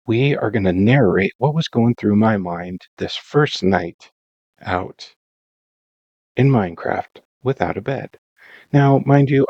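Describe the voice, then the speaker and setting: In a dull-sounding recording with no echo, a lowish-voiced man provides casual voice-over for his Minecraft let's-play. His narration wanders, pokes fun at himself, and plays things up dramatically.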